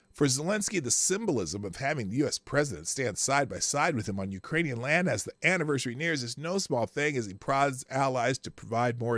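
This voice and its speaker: Brief: male commentary host, sarcastic and rambling, very lively intonation, dry close sound. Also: mid-range voice, no room sound. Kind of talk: live news commentary.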